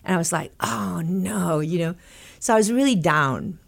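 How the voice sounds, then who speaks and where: An older woman from Texas, a guest in an interview, telling stories in a lively way, acting out quotes and laughing often. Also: on the low side, normal speed, gravelly. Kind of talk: animated storytelling in an interview.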